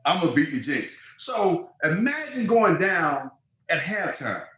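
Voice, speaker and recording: A man's voice: a little high, a little slow. A man in his fifties, a former football player, telling stories in an interview and acting out quoted voices. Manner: animated storyteller, acts out quoted voices. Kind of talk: storytelling interview. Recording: roomy echo.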